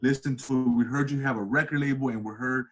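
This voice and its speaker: A man in his thirties, an interview guest, telling a story in a casual way and acting out the voices of the people in it. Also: fast talker. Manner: animated, acts out quoted voices with big pitch jumps. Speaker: interview guest, comedian and cinematographer.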